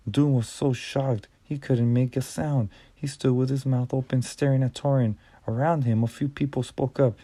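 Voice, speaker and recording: A man narrating an audiobook in a measured reading style with small stumbles and restarts. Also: medium pitch, fairly even intonation, warm tone, no echo.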